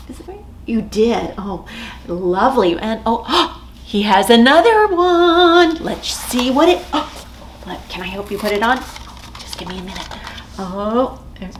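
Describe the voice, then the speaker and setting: Animated sing-song librarian woman. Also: on the high side, measured pace, slight background noise. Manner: animated, sing-song, gasping with exaggerated surprise. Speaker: children's librarian. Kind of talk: children's storytime with rhymes and a puppet.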